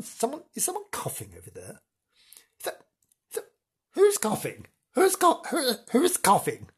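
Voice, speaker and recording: A man voicing Janice, an excitable woman reporter staying at a hotel, in a high, fluttery, breathless voice. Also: slightly rough, exaggerated voice.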